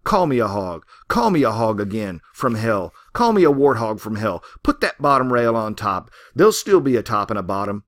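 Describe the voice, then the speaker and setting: Brief: man reading as an indignant farm woman, railing, lively up-and-down delivery. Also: lowish voice, normal speed. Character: proud, furious middle-aged farm woman.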